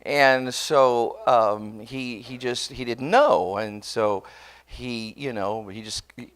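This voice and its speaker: A pastor with a medium-pitched, slightly bright voice speaks slowly as he tells a personal story in his sermon. He's conversational and earnest, often restarting his words and addressing the congregation directly.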